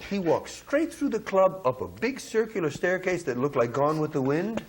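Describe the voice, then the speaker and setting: An older man, a guest in a casual interview, telling animated anecdotes and acting out what others said. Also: fairly high pitch, normal speed, noisy background.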